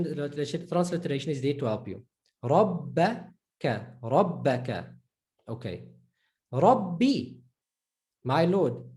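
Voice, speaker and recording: A man teaching Arabic letter pronunciation in a recorded lesson, encouraging and repeating each word slowly for practice. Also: fairly high pitch, dark tone.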